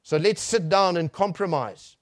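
A man voicing a large, cunning male bear in a sermon story, speaking in a soft, soothing voice. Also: high-pitched, unhurried, voice pushed up. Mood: coaxing.

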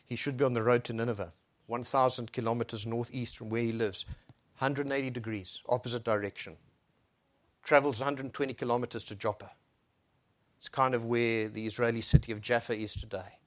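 A man preaching a sermon, swinging between soft hushed lines and loud raised exclamations. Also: mid-range voice, fairly quick. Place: Brussels church.

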